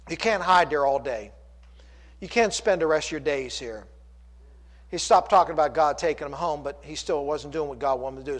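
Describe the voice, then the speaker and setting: A man preaching a sermon with passion, retelling scripture and speaking God's lines in his own voice. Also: on the high side. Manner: impassioned, paraphrasing scripture in God's voice. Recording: long hall reverb.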